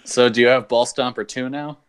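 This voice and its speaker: A man co-hosting a podcast in casual chat, joking in a slow, dry way. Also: mid-range voice, fairly even intonation, a crowd in the background. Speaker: podcast co-host.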